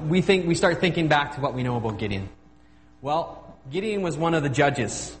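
A man preaching a relaxed, halting sermon with self-deprecating humor, at a medium pitch. His voice carries a long hall reverb, and a faint hum sits underneath it. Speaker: guest preacher.

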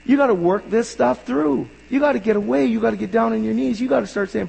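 Earnest gravelly male pastor preaching. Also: high-pitched, brisk. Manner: earnest, builds to emphatic bursts then drops quiet. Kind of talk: sermon. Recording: long hall reverb.

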